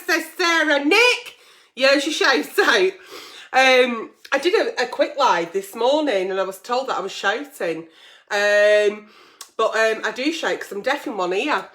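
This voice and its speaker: A woman's voice: sits high, big pitch swings, moderate pace, bright, forceful tone. A middle-aged woman hosting a live-stream advice show, chatty and swearing freely as she reads out viewer comments and letters. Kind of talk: live-stream agony aunt chat.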